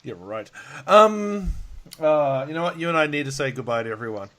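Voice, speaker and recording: A man chats loosely as a podcast host, sounding worn out. He rambles, laughs often and swears without a second thought. His voice sits a little high for a man. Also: animated, moderate pace, fairly bright tone. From Australia. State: tired. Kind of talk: casual chat. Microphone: video call.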